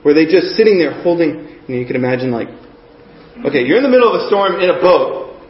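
A preacher delivers a conversational sermon in a slightly high, animated voice at a quick pace, earnestly checking in with his listeners again and again. The recording is muffled and echoey, as if made in a reverberant room.

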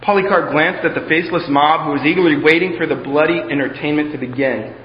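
Preacher dramatically reading a story. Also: male voice, fairly high pitch, quick pace. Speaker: pastor. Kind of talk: sermon, reading a story aloud. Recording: echoey hall, slightly dull.

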